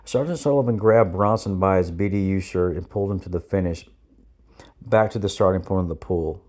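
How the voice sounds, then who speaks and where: A man reading his own memoir aloud with steady, plain storytelling. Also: sits low, fairly quick. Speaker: narrator of his own military training memoir. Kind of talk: read memoir narration.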